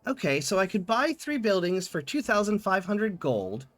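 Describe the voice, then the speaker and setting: Guy streaming a text game, reads the lines out, voice goes up and down a lot, a bit high. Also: normal speed. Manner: lively, reads in-game dialogue with small voice changes. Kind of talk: reading game text aloud and chatting.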